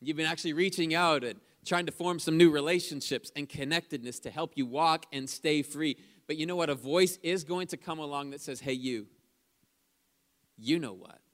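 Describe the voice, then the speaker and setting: Smooth-voiced energetic preacher man. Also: a little high, a little fast, few pauses. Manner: energetic preaching with calls to the congregation; chatty storytelling asides. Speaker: pastor. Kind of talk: sermon. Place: church service.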